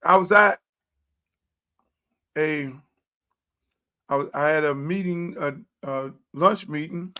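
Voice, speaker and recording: A man hosts a loose livestream chat and drifts from one thought to the next while eating. His voice sits fairly high for a man. He takes his time, with an unhurried, drawn-out delivery. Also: sharp tone, clear, resonant tone. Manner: rambling and chatty, talking while eating. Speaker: show host.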